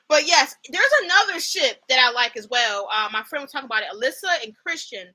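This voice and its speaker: A young woman streaming a casual fan chat, excitable and rambling, gushing with lots of fillers. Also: sits high, moderate pace, low-quality recording. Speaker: streamer chatting with viewers.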